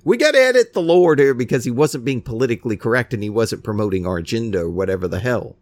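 A man preaching a sermon in a scornful, animated way. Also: medium pitch, fast talker, hardly any pauses, no room sound. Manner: animated, scornful preaching with mocking quoted voices.

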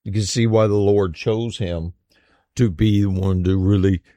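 A man's voice: on the low side, fairly even intonation, measured pace, dark tone, dry recording. A man teaching a Bible study in a casual, conversational way, with folksy slang and frequent "you know.".

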